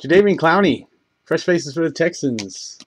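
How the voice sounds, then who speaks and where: A man calls out trading card pulls one after another during a live break, his voice sitting slightly high. He moves through the names at a steady clip and sometimes stumbles over one. A faint hiss and soft keyboard clicks sit under the recording. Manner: rapid list-reading, stumbles over names; bursts of excitement on big pulls.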